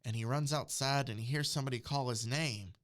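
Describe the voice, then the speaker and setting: A man's voice: mid-range voice, a little fast. A man in casual chat, recapping a comic story and quoting its characters along the way. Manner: retells scenes and quotes characters in passing. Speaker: podcast co-host recapping a comic.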